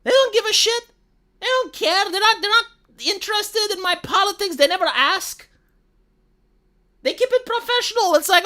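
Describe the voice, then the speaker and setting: A woman with a Montreal accent ranting profanely to her live-stream audience. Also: very high voice. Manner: profane, exasperated, fast and animated. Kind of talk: casual live-stream rant.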